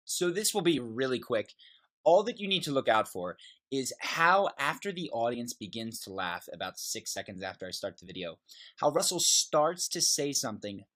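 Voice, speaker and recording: A man teaching a recorded video lesson, explaining in an emphatic way and acting out sample lines. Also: mid-range voice. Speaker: communication instructor.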